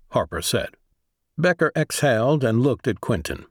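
A man narrating a science fiction audiobook in an even storytelling delivery. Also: fairly low pitch, moderate pace, husky, dry recording, clean studio sound. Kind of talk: scripted narration.

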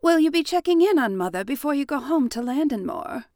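A woman voicing a kind, earnest young woman from a period story who speaks warmly and pleadingly to her sister. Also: high-pitched, very animated, brisk, no room sound, studio quality, pitched above the performer's own voice. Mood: eager.

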